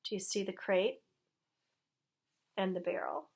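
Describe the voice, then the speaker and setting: Slow gentle storytelling woman. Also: medium pitch, creaky, breathy edge. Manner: gentle, asks listeners questions. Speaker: storyteller reading to children. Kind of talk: picture-book read-aloud.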